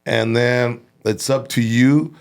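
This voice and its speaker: La guy hosting a podcast, gravelly voice, swearing a lot, animated storytelling, mid pitch. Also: slow. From Los Angeles. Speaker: podcast host. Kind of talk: casual chat, storytelling.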